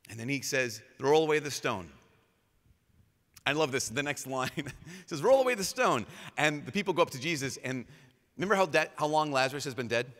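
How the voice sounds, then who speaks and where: A man, a priest, giving a lively storytelling talk with casual fillers, acting out quotes in changing voices. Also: medium pitch, brisk. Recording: live talk with long hall reverb.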